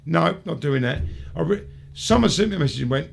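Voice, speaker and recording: A man hosting a live-streamed talk show, ranting and swearing nonstop and slipping into high mocking voices when he quotes people. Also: expressive, fairly quick, creaky, a little hiss or hum. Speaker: show host.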